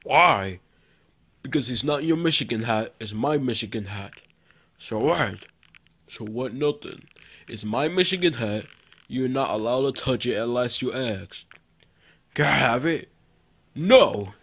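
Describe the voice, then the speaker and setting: Brief: a man ad-libbing a homemade puppet show, slow and rambling, mid-pitched. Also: a bit bright, slightly rough. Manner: rambling and repetitive, with fillers. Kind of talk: improvised toy puppet skit.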